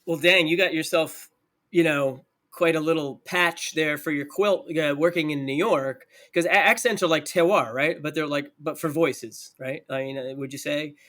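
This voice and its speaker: A man with a New Jersey accent hosts a relaxed interview, speaking on the higher side for a man. He is enthusiastic and playful, joking easily with his guest. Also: normal speed. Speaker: podcast host. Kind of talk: casual interview chat.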